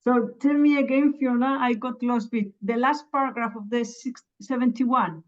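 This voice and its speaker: A woman's voice: a little high, fairly even intonation, moderate pace, lo-fi sound. A woman from the Basque Country with a Spanish accent, reading a book passage aloud carefully in her second language. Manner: careful reading with small stumbles. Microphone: video call.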